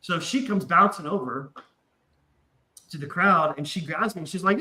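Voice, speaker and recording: A man's voice: a little high, moderate pace, echoey room, poor audio. A man casually telling a wild story, swearing often and acting out the voices of the people in it. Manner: animated, profane, acts out voices in his story. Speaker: podcast guest.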